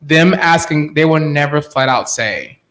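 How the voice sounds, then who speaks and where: Guy in his 30s rambling through funny stories, slightly high voice, laughs a lot. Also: expressive, measured pace, a bit bright. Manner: chatty, laughs often, mimics family voices. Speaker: guest artist. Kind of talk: casual storytelling on a panel.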